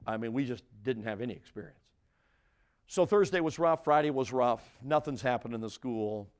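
A man preaching a sermon as a story, repeating phrases and restarting, dropping from loud, emphatic lines to hushed ones. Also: medium pitch, expressive, moderate pace. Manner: dramatic, swings from loud to hushed.

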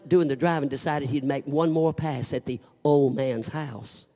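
Fiery preacher in a reverberant church. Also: male voice, fairly high pitch. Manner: swings from loud preaching to hushed storytelling. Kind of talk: fiery revival sermon with storytelling. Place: church sanctuary.

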